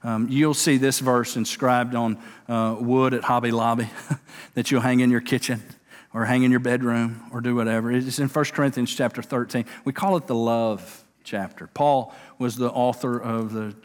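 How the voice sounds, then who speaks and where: A man preaching a sermon in an energetic, conversational way, with quick asides and stammered restarts. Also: medium pitch. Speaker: pastor. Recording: long hall reverb.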